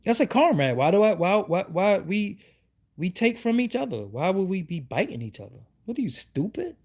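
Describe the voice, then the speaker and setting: A man's voice: high voice, sing-song, normal speed, darkish tone. A middle-aged man, hosting his own online show and ranting to his viewers with heated, repeated rhetorical questions. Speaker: YouTube show host. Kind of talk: livestream rant.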